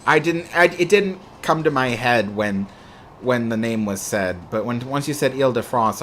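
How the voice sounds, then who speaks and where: A man's voice: mid-range voice, expressive, normal speed, a bit bright, slight background noise. Rambling young man full of fillers. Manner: rambling, lots of "you know" fillers. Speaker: livestream host. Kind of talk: casual chat answering viewer questions.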